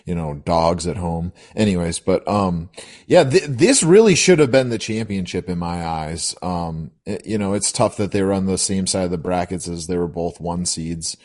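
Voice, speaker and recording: Low-voiced hesitant podcast co-host. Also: male voice, normal speed, darkish tone. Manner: hesitant, many fillers. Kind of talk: casual podcast chat.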